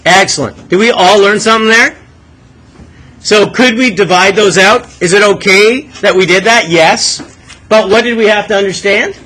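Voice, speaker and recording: A man's voice: high voice, moderate pace, pushed and bright, poor audio. A male math teacher leading a classroom lesson, coaxing students with questions and asking them to think aloud.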